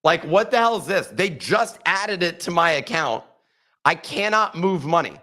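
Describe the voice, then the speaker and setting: A man's voice: fairly high pitch, expressive, normal speed, bright, forceful tone. A man co-hosting a casual podcast, venting in an exasperated way as he tells a story. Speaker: podcast co-host.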